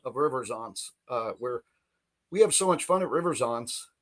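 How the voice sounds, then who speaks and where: A man's voice: medium pitch, lively intonation, normal speed. Rambling, laughing podcast co-host man. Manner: rambling, laughing, many restarts. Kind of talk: casual chat. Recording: live podcast stream.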